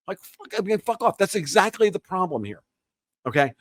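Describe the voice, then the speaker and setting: A man's voice: sits high, expressive, normal speed, a bit bright, no room sound. A man talking as a podcast guest in a heated, opinionated rant, profane and sarcastic. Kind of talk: heated opinionated interview talk.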